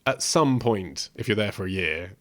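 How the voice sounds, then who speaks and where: A man's voice: fairly low pitch, expressive, moderate pace. A man co-hosting a podcast in casual chat, talking chattily and laughing and swearing easily. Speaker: podcast co-host.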